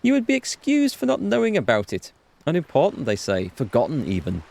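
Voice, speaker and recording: A man reading the lines of a calm, thoughtful older woman in a game, using a slightly raised voice that stays close to his own. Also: fairly high pitch, a little fast, gravelly, voice pushed up, exaggerated voice.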